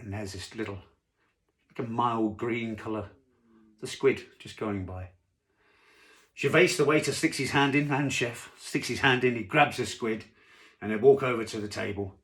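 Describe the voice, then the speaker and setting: A man's voice: fairly low pitch, a bit bright. A man casually telling a long joke to camera from home, rambling with asides and fillers. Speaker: joke teller. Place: home during lockdown.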